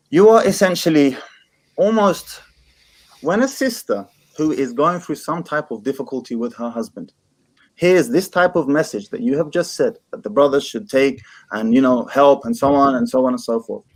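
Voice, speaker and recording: A man's voice: medium pitch, lively intonation, normal speed. A man in a heated online debate, pressing his opponent and repeating his question.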